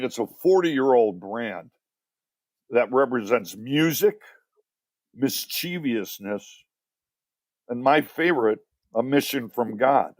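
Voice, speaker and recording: Animated storytelling older man. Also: medium pitch, no echo, clean studio sound. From Chicago, USA. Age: 60s. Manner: animated, rambling, repeats words. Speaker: guest. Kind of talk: casual storytelling interview. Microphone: podcast mic.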